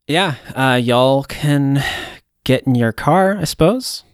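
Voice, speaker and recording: A laid-back man runs the table with a slow, easy drawl and laughs often. His pitch swings freely from low to high as he talks. The mic is close and dry, with no room sound. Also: animated, clear, resonant tone, no room sound. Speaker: game master. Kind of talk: running a tabletop game.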